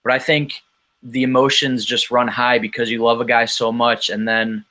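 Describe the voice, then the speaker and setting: A man's voice: medium pitch, level tone, normal speed, bright, forceful tone. A man talking as a guest on a podcast, telling a casual story in a rambling way with frequent ums and restarts.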